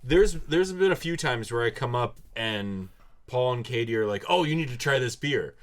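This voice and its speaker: A man's voice: medium pitch, expressive, normal speed. A man in a casual podcast chat, trading wry banter over beers. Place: record garage.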